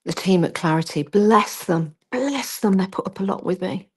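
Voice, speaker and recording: A woman's voice: medium pitch, moderate pace, a little mellow, slightly rough. Chatty woman demonstrating crafts. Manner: chatty, self-deprecating, talks while working. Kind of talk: live crafting demo.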